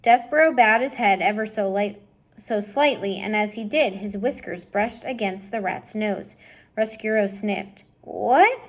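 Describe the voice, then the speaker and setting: A woman's voice: mid-range voice, measured pace. A woman reading a children's novel aloud expressively, addressing the listener directly. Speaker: storybook reader.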